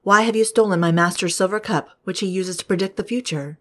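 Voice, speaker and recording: A woman's voice: medium pitch, fairly quick, fairly bright tone, close to an everyday voice. A woman reading the part of Joseph, a powerful man giving firm commands. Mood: commanding. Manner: firm, commanding read-aloud delivery.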